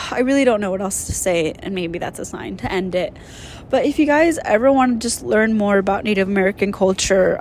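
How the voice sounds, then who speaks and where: A woman's voice: medium pitch, a little hiss or hum. A young woman hosting a casual solo podcast, tearful and emotional, rambling with many fillers. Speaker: podcast host.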